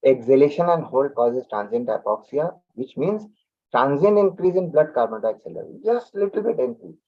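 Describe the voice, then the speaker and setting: A man gives an animated public talk as a lecturer, often repeating and restarting his words. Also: a little high, moderate pace, creaky. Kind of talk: public talk on yoga and science. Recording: tinny phone-like audio.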